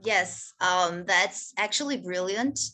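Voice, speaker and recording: A woman host reflects aloud, pausing often with soft ums as she gathers her thoughts. Her voice is bright and crisp, and sits somewhat low. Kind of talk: casual chat.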